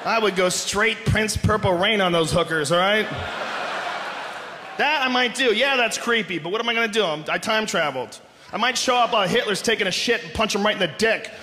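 A man doing live stand-up comedy, ranting loudly and animatedly with lots of profanity. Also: sits high, brisk. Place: large theater stage. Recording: echoey hall with audience noise.

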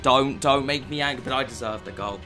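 A man's voice: medium pitch, fairly quick, pushed and bright, faint music behind. A young man giving sweary, exasperated commentary over his own video game match. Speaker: gaming YouTuber. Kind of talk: gameplay commentary.

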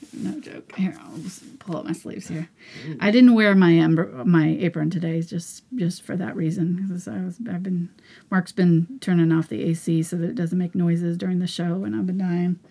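A woman leads a live painting tutorial in a breathy, soft voice with deep vocal fry. Her tone is dark and mellow, and she often mumbles as though talking to herself. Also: fairly even intonation, measured pace. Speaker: painting instructor.

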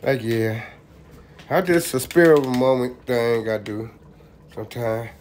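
A home cook vlogger shows off his cooking in a roomy home kitchen, chatting easily with viewers he calls "y'all." His medium-pitched voice is unhurried and a little mellow. Faint background ambience and a slight hiss or hum sit under the recording.

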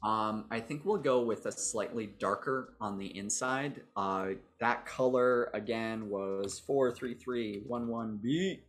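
A man's voice: mid-range voice, slow pace, few pauses. A man hosting a livestream, chatting casually and thinking aloud with a jokey, self-mocking manner as he shows off a character builder. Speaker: host demonstrating a character builder.

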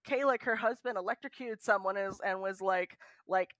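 A woman guest on a podcast, chatting in an animated way with lots of fillers. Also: medium pitch, brisk, dry recording. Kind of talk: casual podcast chat.

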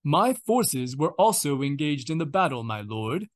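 A man's voice: on the high side, sing-song, measured pace, no room sound, studio quality. A man voicing a provincial governor defending himself before his superior. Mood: subdued. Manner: quiet, then pleading.

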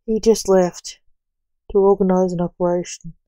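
A woman's voice: lowish voice, steady tone, normal speed, warm tone, dry recording, studio quality, lightly acted. A woman voicing a distraught father who speaks in a shaken, pleading way, in an amateur story reading. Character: distraught father, man, anxious.

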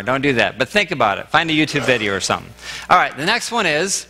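A man preaching a sermon as pastor, conversational and animated, with quick asides and restarts. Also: mid-range voice, creaky. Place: church sanctuary. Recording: long church hall reverb.

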